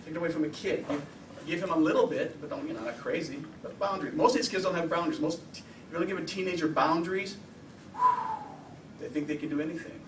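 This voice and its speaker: A high-pitched man gives a workshop lecture as a counselor, lively and full of rhetorical questions. His voice rings through an echoey room, picked up by a mic set some way off, with a faint hiss beneath. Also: quick pace, recorded from a distance. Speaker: anger management counselor.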